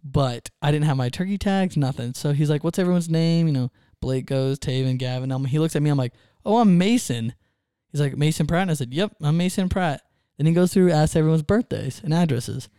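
A man's voice: a little high, quick pace, hardly any pauses, smooth, no room sound, clean studio sound. A man, co-hosting a casual podcast and telling a story, acting out what others said. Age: 20s. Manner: animated storyteller, acts out quotes. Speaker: podcast host.

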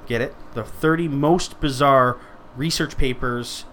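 A man's voice: mid-range voice, unhurried, a bit bright, a little hiss or hum. A man hosting a podcast in casual chat, teasing and profane. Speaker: podcast host.

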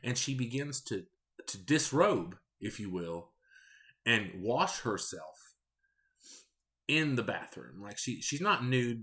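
A man in his thirties, a podcast host, telling candid stories in a casual, rambling, deadpan way. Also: on the low side. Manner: candid, rambling, deadpan about odd customers. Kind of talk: casual storytelling monologue.

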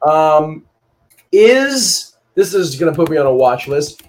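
A man's voice: fairly high pitch, very animated, slow pace, a little hiss or hum, poor audio. A man cohosting a podcast in casual chat, joking and teasing his cohosts.

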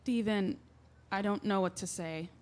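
An actress playing a woman who gently and directly asks a friend how he is. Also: mid-range voice, a little slow, lightly acted. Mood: concerned. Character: caring woman neighbor. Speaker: Lia, the neighbor. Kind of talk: audio drama acting.

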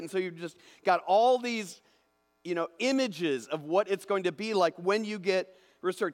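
A man preaching a lively sermon, acting out imagined voices and swinging between loud bursts and hushed asides. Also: sits high, normal speed. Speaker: pastor. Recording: long hall reverb.

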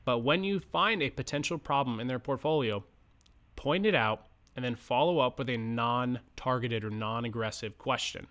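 A man talks through sales advice for financial advisors like he's chatting with colleagues. His voice sits in a middle pitch, and he keeps it casual, breaking off now and then to act out lines he'd say to a client. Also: normal speed, fairly bright tone. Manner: conversational, many fillers and restarts, acts out sample client lines. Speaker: podcast host coaching financial advisors. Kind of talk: casual instructional podcast talk.

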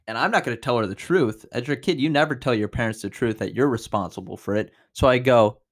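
A man in his twenties hosting a podcast, telling a personal story in a casual, animated way, with big jumps in pitch and loudness. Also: a little fast, hardly any pauses. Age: 20s. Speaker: podcast host.

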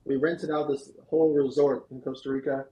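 A man, a guest on a podcast, telling a long story in an animated, fast-moving way. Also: mid-range voice, highs cut off. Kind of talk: storytelling interview answer. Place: podcast studio.

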